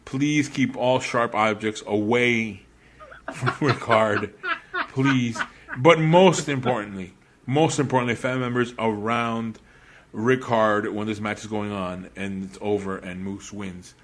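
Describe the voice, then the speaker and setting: A man's voice: lowish voice, fairly even intonation, slow, a bit bright. A man co-hosting a casual wrestling podcast, teasing his co-host and laughing often. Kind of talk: casual wrestling predictions chat.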